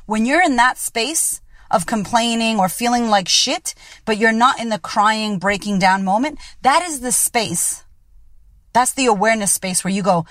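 A woman hosts her own podcast as a coach, talking straight to listeners in a blunt, profane motivational monologue. Her voice sits a touch high, and the sound is dry and close with no room around it. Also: expressive, normal speed, fairly bright tone, dry recording. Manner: blunt and profane, keeps it real.

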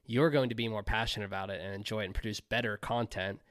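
A man's voice: on the low side, fairly even intonation, fast talker, fairly bright tone, no echo, studio quality. A man hosting an interview, affirming his guest's answers before asking the next question. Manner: affirming, says "I love that" often. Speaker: podcast host.

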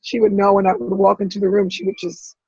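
Husky-voiced woman telling a painful story. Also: mid-range voice, monotone, mellow, no room sound, lo-fi sound. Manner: halting, many restarts and repeated words. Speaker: interview guest. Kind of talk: emotional personal storytelling.

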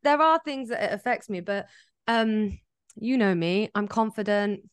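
A woman's voice: medium pitch, unhurried, smooth, no room sound. A woman in her thirties co-hosting a podcast in casual chat, telling stories and acting out the lines of other people. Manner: animated storyteller, acts out quoted dialogue. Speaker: podcast co-host.

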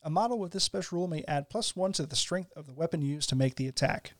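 A man's voice: fairly high pitch, fast talker, dry recording, studio quality. A man co-hosting a casual podcast, reading game rules aloud with asides and laughing easily. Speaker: podcast co-host.

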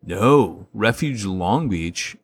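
A man with a low voice co-hosts a casual podcast. His pitch leaps around as he acts out quotes and laughs at his own stories, rambling through his points with plenty of fillers. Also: very slow, a little hiss or hum. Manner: animated storyteller, acts out quotes, laughs often; rambling, many restarts and fillers. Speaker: podcast co-host.

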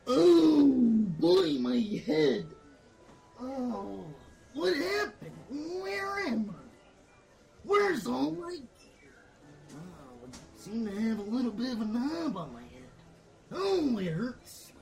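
A man's voice: very high voice, big pitch swings, takes it slowly, gravelly, a little mellow, soft background music, full character voice, rough recording. A man voicing a dazed, goofy fighter who groans and exclaims hammily. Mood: groggy.

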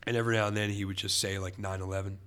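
Bright-voiced animated podcast host man. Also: deep voice, very fast, clean tone. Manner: animated, rambling, emphatic. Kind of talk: casual chat.

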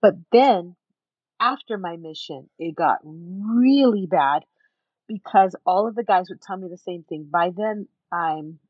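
Animated woman telling her story, lo-fi. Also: fairly low pitch, a little slow, husky, dry recording. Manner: emphatic, animated, acts out other people's words. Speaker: interview guest. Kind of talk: personal storytelling in an interview.

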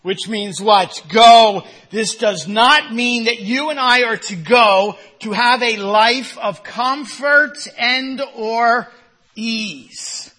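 A male pastor preaching a sermon, emphatic, with repeated rhetorical questions and loud one-word commands. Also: extremely high pitch, slow pace.

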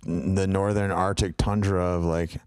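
A man's voice: low voice, level tone, measured pace, a little mellow, clear, resonant tone, dry recording, studio quality. A man co-hosting a podcast, talking in a loose, rambling way full of fillers and tangents. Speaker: podcast co-host. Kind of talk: casual chat.

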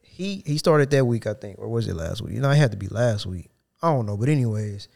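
A man's voice: lowish voice, fast talker, gravelly. A man co-hosting a podcast, telling a work story in casual chat and acting out the quotes. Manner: animated storytelling with voiced quotes. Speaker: podcast co-host.

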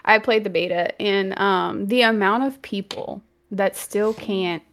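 A woman's voice: medium pitch, a little slow. Laughing woman with a Louisiana accent. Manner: laughs often, animated when passionate. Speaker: streamer and guest. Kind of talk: casual chat. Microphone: desk mic with earbuds, video call.

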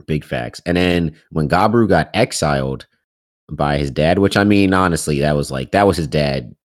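A man's voice: a bass voice, moderate pace. A young man co-hosting a casual podcast chat, laid-back and slangy, laughing often. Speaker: podcast co-host. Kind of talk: casual chat about an anime.

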